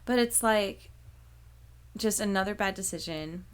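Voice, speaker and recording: A woman's voice: mid-range voice, unhurried, clean tone. A woman co-hosting a podcast, animatedly retelling a movie plot in casual chat, full of "like" and casual swearing. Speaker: podcast co-host.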